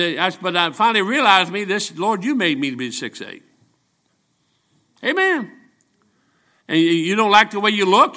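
Bright-voiced seventy-year-old male preacher. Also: sits high. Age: 70s. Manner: folksy, joking, emphatic preaching. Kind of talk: storytelling sermon.

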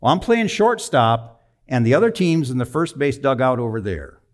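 A man in his sixties telling a personal story in a sermon, conversational and emphatic, with sudden drops to a low, quiet voice. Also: big pitch swings, normal speed. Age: 60s. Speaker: preacher.

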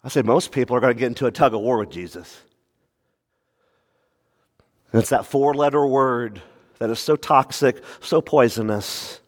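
A pastor preaching a sermon, animated, with playful asides and quick mock voices. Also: male voice, mid-range voice, big-room sound.

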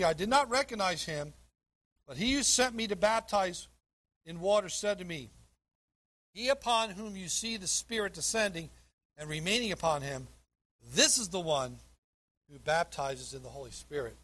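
A man with a high, husky voice delivers a sermon from the pulpit. He reads scripture aloud verse by verse and leans hard on the words he wants to land. His preaching is emphatic and direct. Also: a bit bright. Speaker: pastor.

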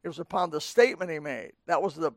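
A middle-aged pastor gives a fast-paced, homespun sermon in a church sanctuary, frequently turning to address people in the pews. He has a high voice for a man, and the recording is close and dry, with little room echo.

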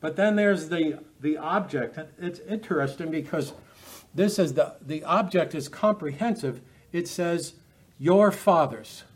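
Man, Bible teacher, earnest and emphatic, frequent restarts, fairly high voice. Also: unhurried, breathy edge. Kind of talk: Bible study lecture.

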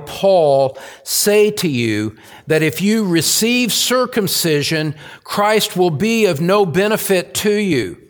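A male pastor delivers a sermon at an unhurried, measured pace, repeating his key phrases for weight. His voice sits a little high. The sound carries the long reverb of a church hall. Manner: slow, deliberate preaching with emphatic repetition.

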